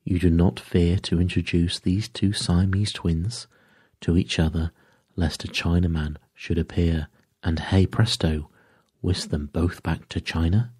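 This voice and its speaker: A man's voice: low-pitched, fairly even intonation, measured pace, warm tone, husky, dry recording, clean studio sound. A man voicing a fussy, courteous little male detective who drops French phrases and speaks dryly. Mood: mocking.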